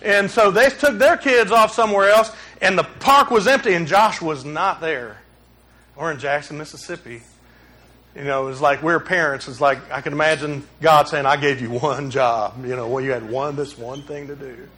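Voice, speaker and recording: A man, preaching a sermon and telling personal stories in an animated way, acting out shouts and dialogue. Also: fairly high pitch, normal speed. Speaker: pastor.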